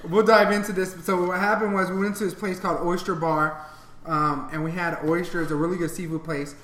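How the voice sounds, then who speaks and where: A man with a high, bright voice, chatting casually and breaking into jokes. He sounds excitable throughout. The recording has room echo and a faint background hiss. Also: fairly quick. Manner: excitable, joking. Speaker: podcast co-host. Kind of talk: casual chat. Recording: echoey room with faint noise.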